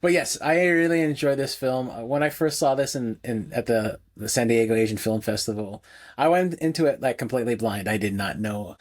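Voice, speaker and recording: Podcast co-host, male, mid-pitched, casual and rambling, laughs between thoughts. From United States. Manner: rambling, many restarts, laughs often. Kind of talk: casual film review chat.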